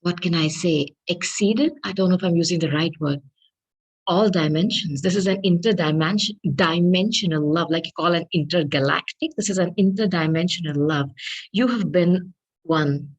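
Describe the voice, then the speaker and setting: Woman, tarot reader, low-pitched, earnest, affectionate, spiritual. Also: moderate pace, breathy edge, low-quality recording. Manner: earnest and affectionate, addresses listeners as darlings; spiritual, invokes angels. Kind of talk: tarot reading to camera.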